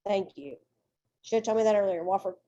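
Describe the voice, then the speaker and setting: Stern male superintendent, short clipped questions, played by a woman storyteller, soft-toned. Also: medium pitch, a little fast, muffled recording, a little hiss or hum, close to an everyday voice.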